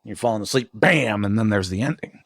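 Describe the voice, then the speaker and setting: A man's voice: on the low side, quick pace, a little mellow, dry recording, clean studio sound. A man co-hosting a podcast, recapping a TV episode in casual, rambling chat with jokes and swearing. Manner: rambling, jokey, swears and laughs often. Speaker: podcast co-host.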